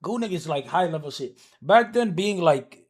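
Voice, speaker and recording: A man livestreaming and telling a story to his chat, animated and profane, moving between mutters and shouts. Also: on the high side, normal speed, breathy edge.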